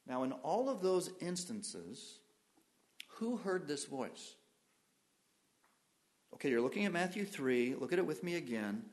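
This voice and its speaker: A male pastor preaching a sermon, putting questions to the congregation and swinging from loud emphasis to quiet, soft phrases. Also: on the high side, very animated, a little slow, long pauses.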